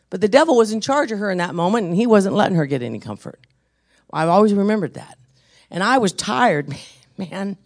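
Preacher, gravelly voice, intense testimony-style sermon, swings from hushed to forceful. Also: animated, fairly quick. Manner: intense storyteller, drops to hushed low tones then builds to forceful exhortation.

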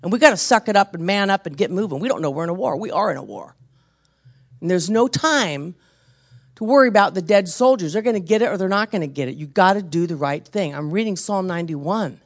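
Gravelly, intense preacher telling a testimony. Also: lively intonation, a little fast. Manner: intense storyteller, drops to hushed low tones then builds to forceful exhortation. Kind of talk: sermon with personal testimony.

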